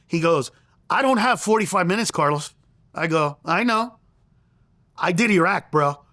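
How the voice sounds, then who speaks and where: A middle-aged male comedian telling a story in an interview, animated and profane, acting out the voices he quotes. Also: high-pitched, moderate pace, no room sound, studio quality. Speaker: comedian guest.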